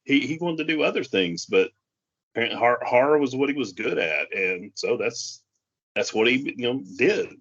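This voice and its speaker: A man co-hosting a podcast, talking casually about films in a halting way with many restarts. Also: medium pitch, lively intonation, fairly bright tone. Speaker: podcast co-host. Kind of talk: casual film discussion. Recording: dull lo-fi sound.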